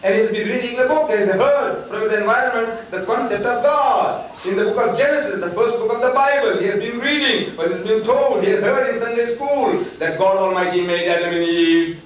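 An older man giving an animated, rhetorical religious lecture to students, often mocking and laughing as he argues. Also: high-pitched, fairly quick, far from the mic. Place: large lecture hall. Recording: echoey hall heard from afar with faint noise.

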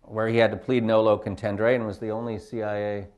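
A man's voice: fairly low pitch, flat delivery, fast talker, darkish tone. A film director on a panel, answering reflectively and searching for his words with many fillers. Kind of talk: panel discussion.

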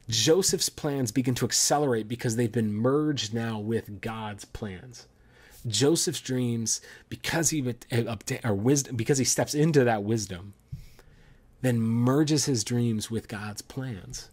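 A man's voice: medium pitch, breathy edge. A young man preaching to a youth group, earnest and sometimes restarting his words. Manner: earnest, with restarts, reads a story aloud. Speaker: youth pastor. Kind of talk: sermon. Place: church service streamed online.

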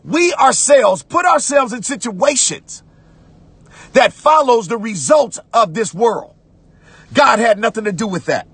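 High-voiced husky preacher man. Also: lively intonation, a little slow, no echo. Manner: preaching with repetitions, rising to shouts; conversational church talk, "watch this". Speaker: pastor. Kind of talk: sermon.

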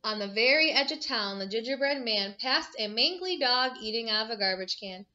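A woman teacher reading a picture book aloud to children, animated and asking them questions. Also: on the high side, normal speed, highs cut off. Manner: animated, asks the listeners questions.

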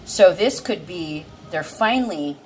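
A woman giving a casual, emotional tarot card reading, chatty and quick to swear. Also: fairly low pitch, lively intonation, a little hiss or hum, rough recording.

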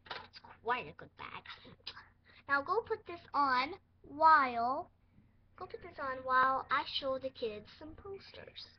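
A woman voicing a goofy male duck doctor in a toy role-play, speaking loudly and slowly in a showy way. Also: sits high, animated, muffled recording. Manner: loud, slow, showy bedside talk.

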